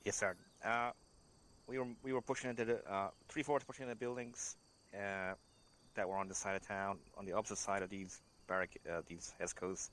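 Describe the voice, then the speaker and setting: A man reporting to his leader in a debrief, halting with many fillers. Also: fairly low pitch, fairly even intonation, fairly bright tone. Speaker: squad member reporting.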